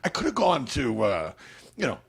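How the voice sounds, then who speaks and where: Comedian guy on a podcast, kinda husky, rambly storyteller, mid pitch. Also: wildly swooping pitch, normal speed. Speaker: guest comedian. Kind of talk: casual podcast chat.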